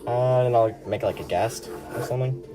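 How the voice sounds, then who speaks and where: Here the young livestreamer's voice is medium in pitch and fairly quick as he draws and chats. He rambles, giggles, and makes self-deprecating jokes while music plays behind him.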